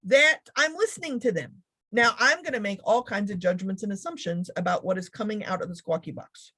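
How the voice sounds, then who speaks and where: A woman delivering a motivational keynote with a sarcastic, joking edge. Her delivery is animated and playful, and her voice sits at an ordinary middle pitch for a woman. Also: fairly quick, slightly rough. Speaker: keynote speaker.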